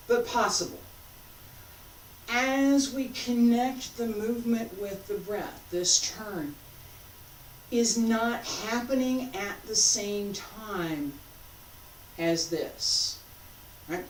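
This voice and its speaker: A woman teaching a qigong class, calmly giving breathing and movement cues. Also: fairly high pitch, very slow, long pauses. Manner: calm, guiding cues paced to breathing. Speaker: qigong instructor. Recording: echoey room, distant mic, faint noise.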